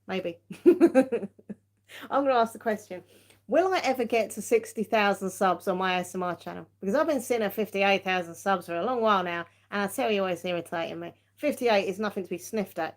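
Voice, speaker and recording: Tired, giggly woman streamer, mid-pitched, loose casual chat. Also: brisk. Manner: chatty, giggly, self-mocking. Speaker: tarot-reading livestream host.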